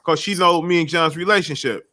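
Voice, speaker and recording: A man's voice: fairly high pitch, brisk, bright, forceful tone. A man chatting casually as a guest creator, talking emphatically with lots of profanity, repeating himself and restarting his sentences. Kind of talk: casual chat.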